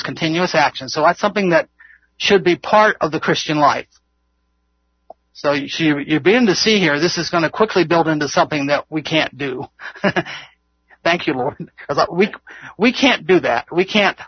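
A man's voice: on the high side, slightly rough, dry recording, highs cut off. A man leading an informal Bible study, earnest and rambling, often laughing at himself. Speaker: Bible teacher.

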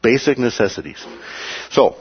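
A man leads a Bible class, his husky voice rising and falling across a wide, lively pitch range. He keeps checking in with his listeners and briefly acts out the voices he quotes. The recording sounds dull and lo-fi. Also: moderate pace. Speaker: Bible study teacher.

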